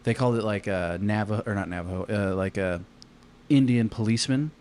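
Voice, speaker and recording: A man's voice: lowish voice, brisk, darkish tone. A man from Arizona telling a long story on a casual podcast, rambling with lots of fillers and swearing. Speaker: podcast co-host.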